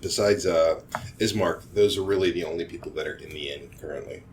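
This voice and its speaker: Halting low-voiced male game master. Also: a little hiss or hum. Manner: halting, many fillers and restarts. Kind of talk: narrating a tabletop game.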